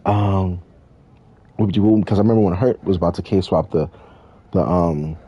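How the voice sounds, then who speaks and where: Low, husky-voiced young man rambling. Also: moderate pace, highs cut off. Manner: rambling, profane, loose slang. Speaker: YouTuber answering viewer questions. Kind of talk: casual Q&A chat while playing a driving game.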